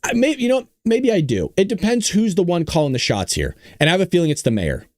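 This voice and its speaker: A man's voice: high voice, sing-song, quick pace, a little mellow, no room sound, clean studio sound. A man hosting a political commentary show, reading news aloud and reacting bluntly and indignantly while talking straight to his viewers. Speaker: show host.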